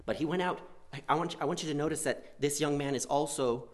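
A man preaching a sermon, swinging between loud emphatic lines and quiet asides, and acting out quoted prayers. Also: on the high side, brisk. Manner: acts out quoted prayers in a pleading voice.

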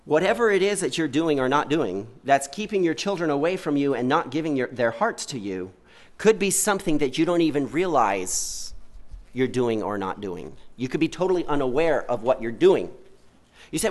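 A man delivering a sermon, his voice sitting a bit high and swinging widely up and down. He talks earnestly and keeps putting rhetorical questions to his listeners. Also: expressive, normal speed. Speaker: preacher.

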